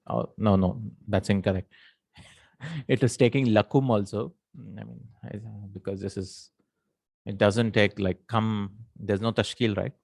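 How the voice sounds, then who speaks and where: A man's voice: fairly low pitch, creaky, darkish tone, dry recording. A man teaching an Arabic grammar lesson in English, explaining step by step, working Arabic terms into his speech and checking in with the listener.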